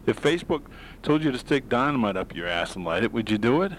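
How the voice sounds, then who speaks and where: A man's voice: medium pitch, very animated, quick pace, very noisy. A man hosting his own show, talking through opinions in a blunt, rambling, sarcastic monologue full of fillers and restarts. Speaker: podcast host. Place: home in Maine.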